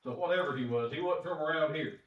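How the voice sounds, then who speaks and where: Folksy preacher in an echoey church. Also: male voice, a little high, fast. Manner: folksy, conversational, chuckles often. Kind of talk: Bible class teaching. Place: church auditorium. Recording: echoey church room, distant dull mic.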